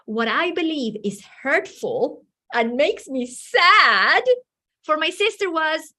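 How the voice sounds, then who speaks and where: A woman giving a teacher training talk, animated and acting out little dialogues from her stories. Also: high-pitched, takes it slowly. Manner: animated, acts out dialogues in quoted voices.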